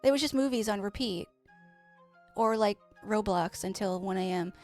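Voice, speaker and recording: A woman's voice: mid-range voice, normal speed, a little mellow, soft background music. A woman from Canada, telling rambling stories with plenty of swearing while she streams a game. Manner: chatty, rambling, swears freely. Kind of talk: casual storytelling while playing a game.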